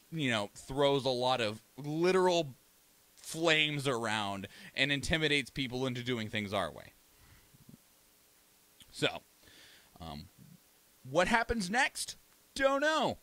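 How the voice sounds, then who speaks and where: A man's voice: medium pitch, very animated, takes it slowly, long pauses, pushed and bright, dry recording. A young American man hosting a podcast, talking casually and profanely, rambling and acting out countries in mock voices. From United States. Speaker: podcast host. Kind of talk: casual solo commentary.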